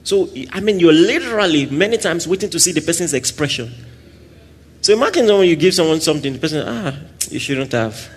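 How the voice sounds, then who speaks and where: A man preaching a sermon, swinging between loud exclamations and soft asides and acting out little scenes. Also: fairly high pitch, expressive, fast, a little hiss or hum. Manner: acts out little scenes with quoted voices and laughter.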